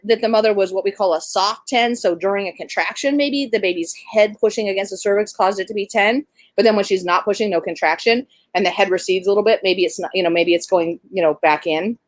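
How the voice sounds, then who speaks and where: Chatty midwife telling a birth story. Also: female voice, medium pitch, dry recording. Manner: animated, conversational, many fillers. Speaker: doula and midwife.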